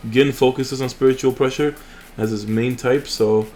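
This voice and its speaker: A young man hosts a mobile game channel, chatting casually over his gameplay and rambling with fillers and restarts. His voice is medium-pitched and darkish, at normal speed with fairly even intonation, and there is slight background noise.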